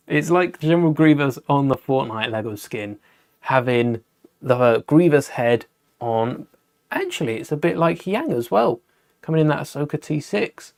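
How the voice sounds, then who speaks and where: A man's voice: fairly high pitch, darkish tone. Chatty British man building Lego. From United Kingdom. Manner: chatty, thinks aloud while building and answers viewer questions. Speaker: host of a live Lego building stream. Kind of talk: casual live-stream chat.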